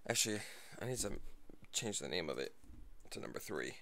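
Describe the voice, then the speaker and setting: A man's voice: low voice, very animated, fairly quick, vocal fry, background noise. A man livestreaming a football video game, rambling casually with many fillers and a little out of breath. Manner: rambling, lots of fillers, self-deprecating. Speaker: gaming livestreamer. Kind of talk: casual gameplay livestream talk.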